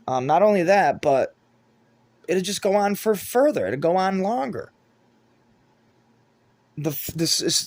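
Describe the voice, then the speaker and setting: A man's voice: on the high side, dry recording. A man giving a rambling, profanity-laden monologue to camera as a vlogger.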